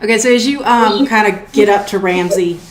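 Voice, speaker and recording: A woman's voice: medium pitch, a little fast, roomy sound. A woman narrating a tabletop role-playing game as game master, in a loose, filler-filled way. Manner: loose, with frequent fillers and restarts.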